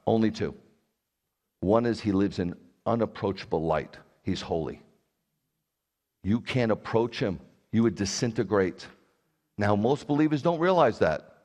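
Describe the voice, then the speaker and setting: Middle-aged rabbi preaching, super lively pitch, chatty with the crowd, big hall echo. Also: male voice, unhurried, long pauses. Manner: animated, conversational preaching with direct questions to the congregation. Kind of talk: sermon. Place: congregation hall.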